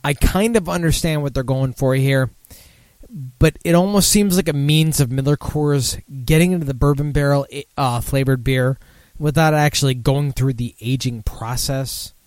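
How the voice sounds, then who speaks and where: A man's voice: mid-range voice, normal speed, a little mellow, dry recording. A drunk man hosting a casual beer talk show, rambling, swearing and losing his thread. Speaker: podcast host.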